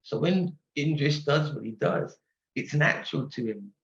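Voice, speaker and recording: An English singer in his sixties, appearing as a guest in a casual interview, tells stories animatedly and laughs often. His fairly high voice has lively intonation and a moderate pace, and the audio sounds roomy and dull.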